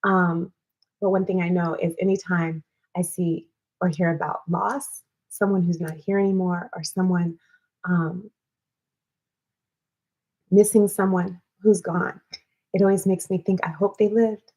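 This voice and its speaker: A woman's voice: fairly low pitch, little pitch movement, a little slow, pauses often, mellow. Woman, livestream wellness host, casual and earnest, repeats herself for encouragement. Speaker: host of a weekly live wellness show. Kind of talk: casual motivational livestream talk.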